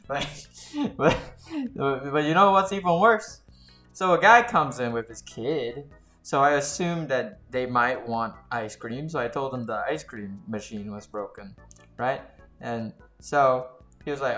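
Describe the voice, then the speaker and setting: A man's voice: medium pitch, unhurried, fairly bright tone. A young man telling customer service stories in a casual, exasperated rant, swearing freely. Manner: exasperated, swearing, laughing, rising into heated outbursts. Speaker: storytime vlogger. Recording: roomy echo with faint music.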